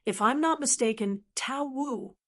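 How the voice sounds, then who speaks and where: A woman's voice: medium pitch, expressive, normal speed, close to an everyday voice. A woman voicing Yang Kai, a composed young male cultivator speaking tersely while on the run. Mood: grim.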